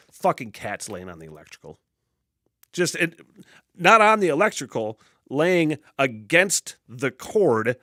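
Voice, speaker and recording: Swearing freely and cracking himself up, a man tells rambling stories on his own podcast, recorded in a basement studio. His voice is fairly high-pitched, with no echo.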